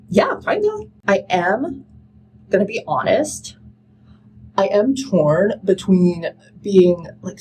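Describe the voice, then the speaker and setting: A woman's voice: fairly low pitch, a little mellow, a little hiss or hum, low-quality recording. A woman vlogging about her reading in a casual, candid chat, dropping lots of "like" fillers. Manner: casual, filler-heavy, with frequent "like"; candid and critical, then upbeat. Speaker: book vlogger. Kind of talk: chatty reading vlog rant.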